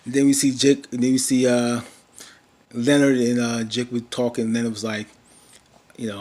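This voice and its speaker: A man's voice: medium pitch, level tone, moderate pace, pauses often, a little mellow, slight background noise. A man casually recapping a TV drama episode, rambling with many fillers and restarts and briefly mimicking characters.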